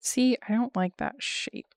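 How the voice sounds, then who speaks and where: A woman's voice: fairly high pitch, unhurried, darkish tone, dry recording. A young woman art streamer chatting casually while she draws, thinking aloud with lots of fillers and little laughs.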